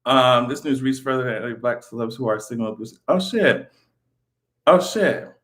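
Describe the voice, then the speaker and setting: A man talking in a casual commentary vlog, animated, swearing freely and laughing often. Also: medium pitch, normal speed. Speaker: vlogger.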